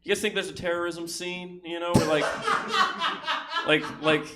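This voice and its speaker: A man's voice: high-pitched, sing-song, measured pace, heavy background noise. A male comedian doing a stand-up set on a theater stage, with a laid-back, chuckling delivery.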